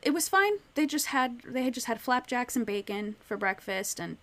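A woman's voice: a little high, moderate pace. A woman in a casual book discussion, retelling scenes with lots of "like" and "you know.". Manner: animated storyteller, retelling scenes with many "like"s.

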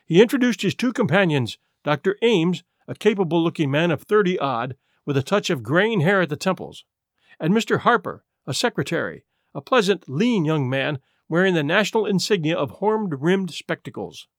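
A man narrating a detective story in the first person, reading in an expressive, animated way. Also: fairly high pitch, normal speed, no room sound, studio quality. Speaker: audiobook narrator.

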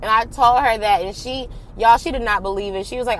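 A young adult woman telling a personal story in casual, slangy talk, animated and swearing freely. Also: a little high, a little fast, slight background noise.

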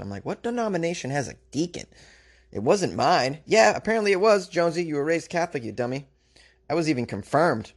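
A man hosting a podcast, giving comic commentary on a news story in a rambling, self-mocking, joking way. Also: medium pitch. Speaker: podcast host.

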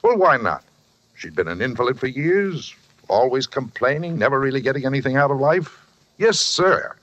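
A man's voice: medium pitch, sing-song, moderate pace, a bit bright. An actor playing a boastful, self-justifying former railroad brakeman who is a psychiatrist's patient, in a 1940s radio drama. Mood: defiant. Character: shifty middle-aged man, a former railroad brakeman. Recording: dull old radio recording.

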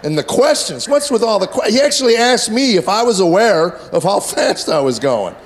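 Deadpan man in his fifties doing stand-up. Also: high-pitched, moderate pace. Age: 50s. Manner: deadpan storytelling with punchlines. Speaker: stand-up comedian. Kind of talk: stand-up comedy routine. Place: stage before a laughing audience.

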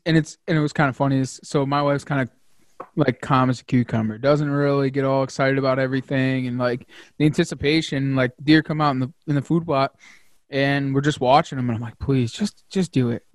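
A man hosting a casual hunting podcast, talking excitedly with lots of fillers and the odd curse word. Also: medium pitch, no echo, clean studio sound. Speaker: podcast host.

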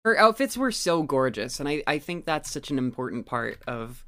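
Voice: medium pitch, sing-song, normal speed, fairly bright tone. A podcast co-host chatting casually and enthusiastically about a film, with a loose, profane way of talking. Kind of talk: casual chat.

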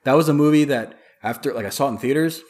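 A man's voice: mid-range voice, quick pace, a little mellow. A man who is a podcast guest, chatting casually and telling rambling stories full of "like.". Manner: rambling storyteller, heavy use of "like". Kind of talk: casual chat.

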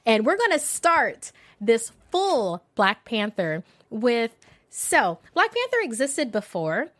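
A woman hosting a casual movie news chat, animated and joking with sudden swings in pitch. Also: slow pace, no echo. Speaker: podcast host.

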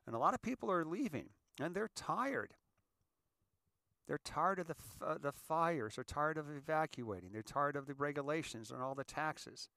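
A man's voice: a little high, animated, normal speed, sharp tone, dry recording, studio quality. A middle-aged man from California talking in a casual, rambling monologue, acting out little scenes as he goes. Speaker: host.

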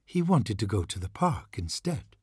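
A man voicing a quiet, composed woman nanny in a storybook reading. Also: fairly low pitch, normal speed, husky, no room sound, clean studio sound, full character voice. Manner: quiet even delivery. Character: calm male-read female nanny, quiet and possessive.

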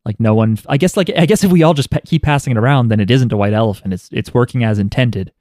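A man's voice: medium pitch, quick pace, a little mellow, no echo, clean studio sound. A man co-hosting a podcast in joking, rambling casual chat. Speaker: podcast co-host.

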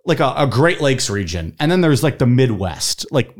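Lively southern Ohio man, casual podcast. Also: mid-range voice, normal speed. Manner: animated, rambling, laughs often. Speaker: podcast co-host. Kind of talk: casual banter.

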